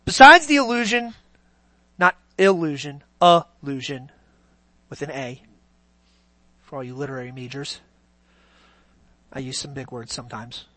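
A preacher in full sermon mode who leans hard on key words, stretching them out loud, then drops to almost a hush. The sound is close and dry, with no room echo. The pitch sits in a middle range. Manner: dramatic swings from loud emphasis to near-whispers; slow, drawn-out stresses on key words.

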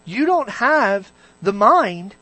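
A preacher delivering an animated sermon, firing questions at the congregation and swinging between loud bursts and hushed asides. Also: mid-range voice, slow, breathy edge, no echo.

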